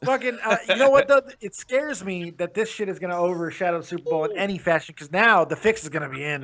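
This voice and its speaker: A man's voice: high-pitched, quick pace, hardly any pauses, a bit bright. A man co-hosting a live stream, joking and laughing in casual talk. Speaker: livestream co-host.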